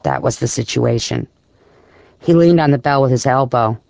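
A man narrates an audiobook in a measured, even manner. His voice is gravelly, mid-pitched, and recorded dry and close. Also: no room sound.

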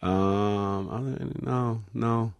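Man, British accent, very deep voice, dry close mic, chatty guest, laughs often. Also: slow pace, vocal fry, clear, resonant tone, no room sound. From Britain. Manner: laughs easily, relaxed storytelling with many fillers. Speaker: actor guest. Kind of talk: casual interview chat.

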